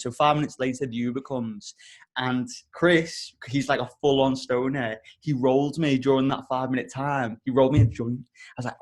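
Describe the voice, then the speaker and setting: A young man hosting a podcast and telling a rambling story in an animated, casual way, swearing often. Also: mid-range voice, moderate pace. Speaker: podcast host.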